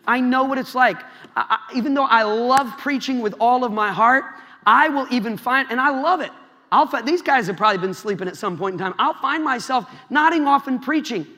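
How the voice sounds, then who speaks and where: In a big church hall with long reverb, a young adult man from Iowa delivers a sermon to young people, sharing stories and addressing them directly. His voice is very high-pitched and sharp, and he talks fairly quickly.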